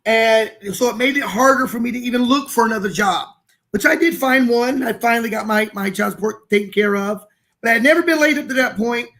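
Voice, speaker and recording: A man's voice: very high voice, a little fast, a bit bright. A man co-hosting a podcast, talking earnestly and personally in casual chat. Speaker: podcast co-host.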